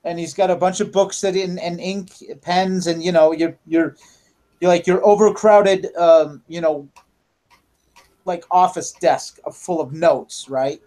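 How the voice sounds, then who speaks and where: High-voiced male dungeon master, casual and halting, often restarts mid-sentence. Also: fairly even intonation, mellow. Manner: halting, with many fillers and restarts. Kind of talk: narrating a tabletop game.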